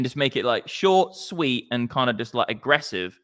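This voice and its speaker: A man's voice: mid-range voice, lively intonation, moderate pace, hardly any pauses, a bit bright. Chatty man, rambling and jokey. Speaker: crypto show host. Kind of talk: casual chat.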